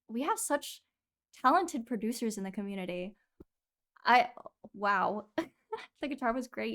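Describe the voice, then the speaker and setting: A woman's voice: medium pitch, vocal fry. A woman streamer commenting casually on listeners' music, effusive and gushing, laughing often into a desk mic.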